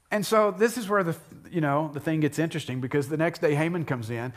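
A male pastor with a fairly high voice speaks fast, retelling a story in his sermon in an animated, conversational way. He makes asides to the congregation as he goes.

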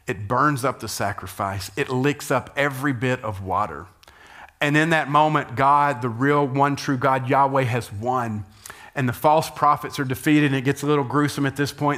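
A man, a pastor, preaching a sermon and telling a scripture story with lively emphasis, rising loud at key moments and dropping to quiet asides. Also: mid-range voice.

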